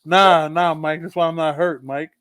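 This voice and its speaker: A joking, animated man trades banter with friends on a podcast. His voice sits a little high for a man, and he bursts into loud laughs. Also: normal speed, crowd noise. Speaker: podcast co-host. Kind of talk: casual chat.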